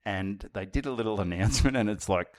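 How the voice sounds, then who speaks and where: A man's voice: lowish voice, fast. An Australian man who does stand-up tells a story in loose, casual conversation. He rambles, restarts his sentences and swears freely. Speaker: stand-up comedian.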